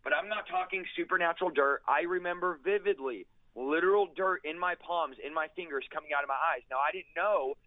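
A man giving an intense, fast-paced personal testimony as an interview guest, driving his points home with emphatic repetition. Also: a little high, dry recording. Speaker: guest preacher sharing a testimony. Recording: tinny, dry phone-like line.

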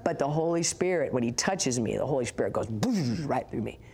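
A woman telling her faith testimony in an animated, sarcastic storytelling manner, laughing as she goes. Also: a bass voice, fairly quick, husky. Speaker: guest sharing a testimony.

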